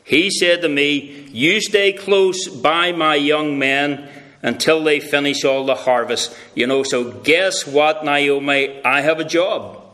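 A man voicing a cheerful, chatty young woman who speaks lively and conversationally, barely shifting from his own voice. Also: fairly high pitch, slow. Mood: delighted.

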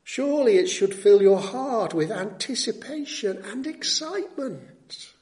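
A man delivers a sermon in a notably high voice. He is emphatic, pressing his points with rhetorical tag questions and repeating key words for weight. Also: expressive, unhurried, darkish tone. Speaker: preacher.

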